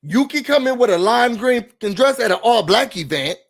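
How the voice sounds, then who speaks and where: High-pitched sassy man ranting. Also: moderate pace. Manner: animated, sassy, cursing, acts out quotes. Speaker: reality TV recap host. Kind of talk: casual rant and recap.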